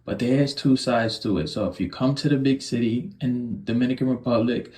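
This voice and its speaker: A man's voice: mid-range voice, normal speed, mellow, faint music behind. A man from New York City giving emphatic, earnest travel tips. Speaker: travel video host. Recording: echoey room.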